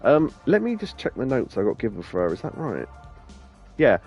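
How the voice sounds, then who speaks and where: A man's voice: mid-range voice, wildly swooping pitch, moderate pace, darkish tone, breathy edge, lo-fi sound. A man with an English accent giving casual, rambling game commentary as a let's play host, laughing often. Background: game music.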